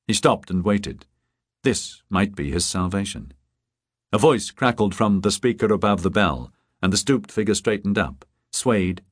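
A man narrating a crime novel audiobook in a measured, even reading. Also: on the low side, dry recording, clean studio sound. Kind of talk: scripted narration.

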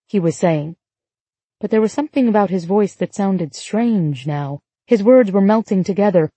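A woman reading an audiobook in a measured, even storytelling manner on a close studio mic. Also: mid-range voice, husky, dry recording. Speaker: audiobook narrator. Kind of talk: scripted narration.

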